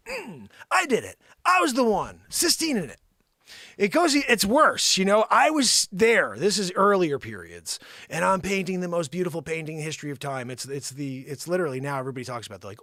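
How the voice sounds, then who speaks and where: A man hosting a show, riffing through an improvised comedy monologue, swinging between loud bursts and low mutters. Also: fairly quick, dry recording, clean studio sound. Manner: animated, jumps between shouting and muttering. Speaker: host.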